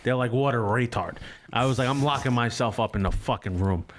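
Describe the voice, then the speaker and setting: Young man, casual, profane, rambling, restarts, average pitch. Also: brisk, slight background noise. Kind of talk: casual storytelling chat.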